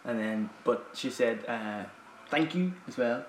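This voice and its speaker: A man co-hosting a casual podcast, chatty and quick to laugh, calling himself a loud person. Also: medium pitch. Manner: laughs often, self-described loud person. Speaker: podcast co-host. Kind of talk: casual chat. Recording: echoey room, faint hiss.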